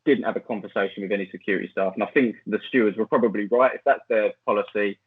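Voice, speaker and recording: A man from Essex, England, who makes football videos, appears as a podcast guest and tells a rambling story full of fillers and restarts. His voice is on the low side, slightly rough and fairly even in intonation, and he talks fast. The recording is dry and tinny, like a phone line.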